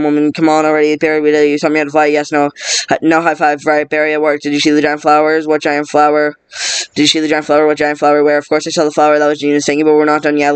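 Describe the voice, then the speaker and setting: Fast-talking man racing through a script. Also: a little high, clean tone, dry recording. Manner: rushed, stumbling reading with restarts. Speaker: script reader.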